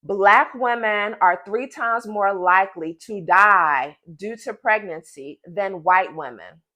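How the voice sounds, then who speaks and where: A pregnant woman in her thirties venting to camera in a casual vlog, emphatic and animated, talking straight to her viewers. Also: mid-range voice, takes it slowly. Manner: emphatic and animated, addresses viewers as "y'all" and "girl". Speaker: vlogger.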